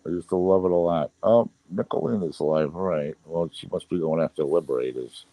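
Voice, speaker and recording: Very deep-voiced man chatting on a livestream. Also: fairly quick, dark tone, no echo. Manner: rambling, frustrated, many fillers. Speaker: livestream host. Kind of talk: casual live chat reading viewer comments.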